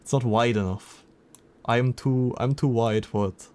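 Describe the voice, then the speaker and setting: A man's voice: medium pitch, unhurried, darkish tone. A man streaming live, chatting casually and reacting to messages from his chat.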